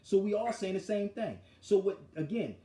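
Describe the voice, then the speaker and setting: A man hosting a talk show retells an argument in a forceful, animated way. His voice sits a little high but has a mellow, dark tone. The sound rings in an echoey room. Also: normal speed. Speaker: show host. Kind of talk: casual street talk storytelling.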